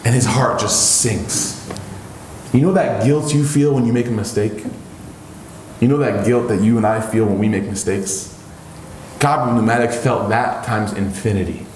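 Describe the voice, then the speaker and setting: A man preaching a sermon, telling a story with animation and his voice climbing high when he acts out pleading lines. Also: lively intonation, normal speed, roomy sound, a little hiss or hum.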